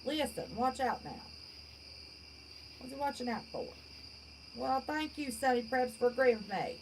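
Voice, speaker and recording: A woman in her fifties from West Virginia hosts a livestream, reading viewer comments and chatting in a blunt, folksy, outspoken manner. Her high-pitched voice has lively intonation and a measured pace, and the rough recording carries a little hiss or hum.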